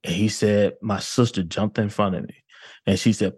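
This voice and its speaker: A man's voice: lowish voice, fairly quick, dry recording, studio quality. A man, a detective, telling a case story in a casual way and acting out what people said. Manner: animated retelling with quoted dialogue. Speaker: detective guest.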